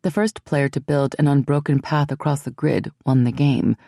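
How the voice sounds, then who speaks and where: An audiobook narrator reading a fantasy romance in an even, measured storytelling manner, close on the mic. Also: mid-range voice, gravelly, no room sound. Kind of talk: scripted narration.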